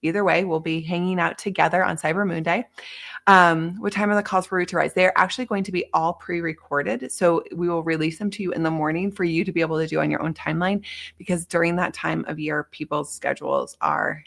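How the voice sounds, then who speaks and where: A woman's voice: lowish voice, fairly even intonation, fairly quick, gravelly, a bit bright. A woman hosting a live online session, chatting casually in a gushing way with lots of filler words. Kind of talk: casual live-stream chat.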